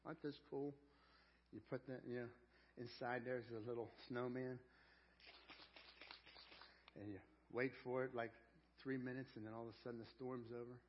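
A man preaching a sermon as a pastor. He is earnest and folksy, repeats words as he searches for them, and swings between loud emphasis and quiet intensity. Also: medium pitch, level tone, moderate pace, pauses often, slight background noise. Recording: dull lo-fi church audio.

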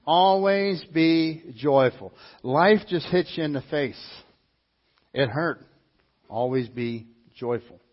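A man preaching a sermon as pastor, animated and repetitive, often acting out the voices of the people he describes. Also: medium pitch, takes it slowly, long pauses, breathy edge. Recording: dull lo-fi sound.

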